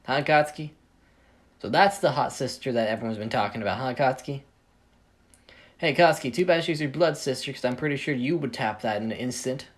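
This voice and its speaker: A man's voice: mid-range voice, brisk, lightly acted. A man doing a crude, taunting teen classmate. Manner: mocking, taunting. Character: crude teasing teenage classmate.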